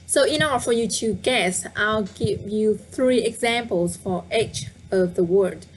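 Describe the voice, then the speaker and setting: A woman's voice: medium pitch, measured pace, a little hiss or hum. A woman teaching a live online language lesson, patiently repeating words and inviting viewers to guess. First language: Vietnamese. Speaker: Vietnamese teacher.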